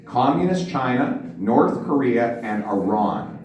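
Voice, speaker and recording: A man giving a campaign speech, rhetorical and emphatic, softening into quiet storytelling. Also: medium pitch, very animated, slow pace. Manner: rhetorical, builds to emphatic points then drops to a quiet storytelling tone. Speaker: politician giving a stump speech. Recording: echoey room, distant mic.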